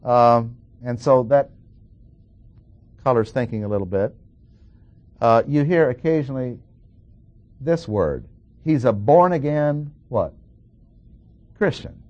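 A man preaching a sermon and explaining a Bible passage, who stresses key words slowly and asks his listeners questions. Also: medium pitch, lively intonation, darkish tone, no echo, muffled recording.

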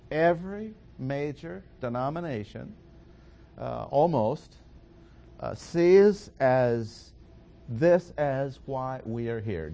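Male preacher, measured sermon delivery, mellow tone. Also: mid-range voice. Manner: slow, deliberate, emphatic with pauses. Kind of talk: sermon teaching.

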